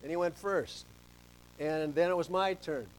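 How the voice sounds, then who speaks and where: A middle-aged man preaching a sermon as pastor, telling stories and swinging between soft asides and loud emphasis. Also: a little high, measured pace, low-quality recording.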